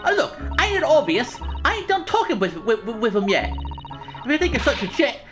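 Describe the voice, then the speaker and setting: A man's voice: sing-song, brisk, over music. A man voicing a cheeky seventeen-year-old street girl and pickpocket in a video game, with a brash, mouthy way of talking. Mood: defiant. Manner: brash and mouthy, high-pitched.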